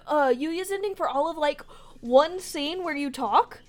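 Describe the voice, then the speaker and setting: A woman streamer reacting to a game live, excitable and giggly. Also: high voice, unhurried.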